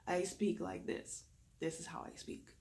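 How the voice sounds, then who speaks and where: A woman with a Southern drawl, a deep raspy voice and a lisp, giving a spoken reflection as a reiki practitioner. She tends to talk fast when excited but deliberately slows herself down.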